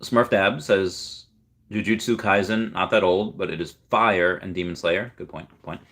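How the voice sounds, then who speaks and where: Brief: deep-voiced male streamer, loose rambling chat, reads comments out to viewers. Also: steady tone, moderate pace, a bit bright. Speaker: livestream host. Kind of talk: casual livestream chat.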